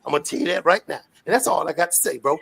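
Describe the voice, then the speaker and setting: A man from the United States giving a fiery, profane rant in a street interview, often shouting. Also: fairly high pitch, rapid-fire, creaky, breathy edge.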